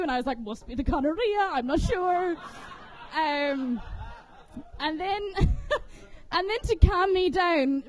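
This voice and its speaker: A woman from Kerry performs a stand-up set in a comedy venue, speaking into a stage microphone. Her voice sits high and bright for a woman. She talks in a chatty, profane, self-mocking way and laughs often between lines. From Kerry, Ireland.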